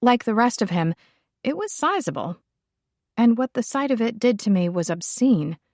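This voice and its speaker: A woman's voice: a little high, moderate pace, darkish tone, dry recording, studio quality. A woman reading a first-person audiobook, with a wry, sassy and sardonic delivery. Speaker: audiobook narrator.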